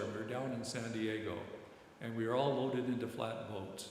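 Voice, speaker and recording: A man's voice: mid-range voice, fairly even intonation. Older man, rambling sermon in echoey hall. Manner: rambling, halting storytelling with many repeated words. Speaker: retired military chaplain giving a reflection. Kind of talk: informal sermon reflection. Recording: very echoey church hall, long reverb, faint background noise.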